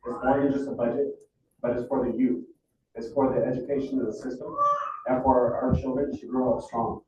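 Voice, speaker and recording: An earnest, emotional father speaks at a public board meeting. His voice is mellow and dark, heard from a distance through a dull, lo-fi mic. The hall echoes heavily around him. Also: medium pitch, slight background noise. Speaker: parent speaking at public comment. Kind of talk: public comment.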